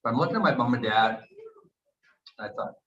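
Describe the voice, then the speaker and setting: A man's voice: mid-range voice, brisk, slight background noise. Storytelling Canadian man in his sixties. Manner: animated anecdotes with acted quotes. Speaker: retired hockey player and author. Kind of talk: storytelling at a book event. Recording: echoey, dull room recording.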